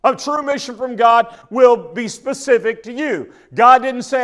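A man's voice: very high voice, measured pace, a bit bright. A man from preaching a sermon in a folksy, conversational way, often restarting his phrases. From Oklahoma. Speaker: pastor.

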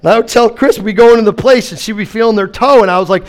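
A middle-aged pastor preaches a sermon in a high, fast voice, telling funny family stories and acting out the exchanges before moving into call-and-response preaching.

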